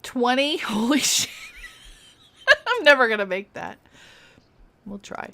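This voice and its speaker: A woman's voice: a little high, very animated, slow, vocal fry, pushed and bright. A young adult woman streaming a fantasy game, chatting casually and giggling as she plays. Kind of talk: casual gameplay commentary.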